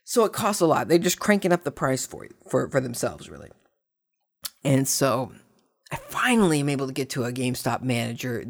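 A man hosting a podcast, telling a long story in a casual way, repeating words and swinging between hushed and excited tones. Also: medium pitch, a little fast, creaky. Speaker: podcast host. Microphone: desk microphone.

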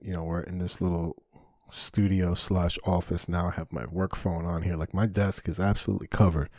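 Low, dark-voiced man rambling candidly. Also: no room sound, studio quality. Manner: rambling, profane, candid, with frequent fillers. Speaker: podcast host and stand-up comedian. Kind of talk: casual solo podcast monologue. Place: small home basement studio office.

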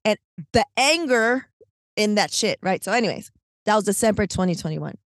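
A woman co-hosting a podcast, telling a long story in casual, animated, slangy chat, full of "like" and "right?". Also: mid-range voice, moderate pace, no room sound, studio quality. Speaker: podcast co-host.

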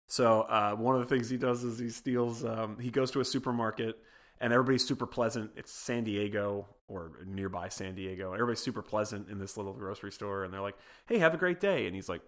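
A man's voice: lowish voice, steady tone, fast talker. A man on a film podcast in casual chat, rambling through a plot recap with lots of fillers and amused laughs. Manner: rambling plot retelling full of "like" and "you know"; amused, laughs between sentences. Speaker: podcast panelist.

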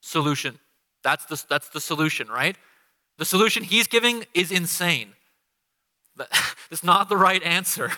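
A man's voice: a little high, normal speed, pauses often. A man preaching a guest sermon in a church, talking casually and animatedly, acting out the quotes he tells. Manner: animated, conversational, acts out quotes with laughter. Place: church sanctuary. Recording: long hall reverb.

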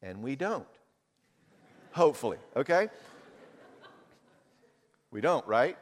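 Man, middle-aged, pastor, sermon, animated, comic asides, long hall reverb. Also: mid-range voice, takes it slowly. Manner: animated, jokey, acts out voices.

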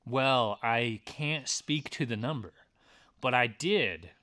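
Bright-voiced man co-hosting a podcast. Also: mid-range voice, expressive, slow pace. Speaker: podcast co-host. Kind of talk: casual chat, reading sighting reports.

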